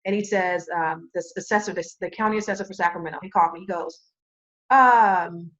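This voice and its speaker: A woman guest on a podcast, telling a story in a casual, animated way and acting out the voices of the people she quotes. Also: lowish voice, fast talker, lo-fi sound.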